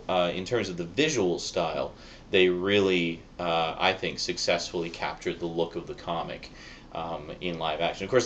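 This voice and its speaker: Deep-voiced yet fairly bright in tone, a man rambles chattily through a Blu-ray review, using plenty of fillers and small laughs while his voice occasionally cracks. The recording is lo-fi and dull, carrying faint noise.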